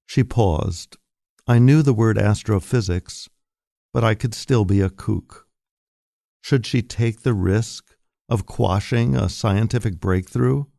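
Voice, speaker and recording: A man reading a short story aloud in a slow, deliberate, wry manner, recorded at a studio microphone. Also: fairly low pitch, vocal fry, warm tone, dry recording. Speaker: reader. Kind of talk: scripted narration of short fiction.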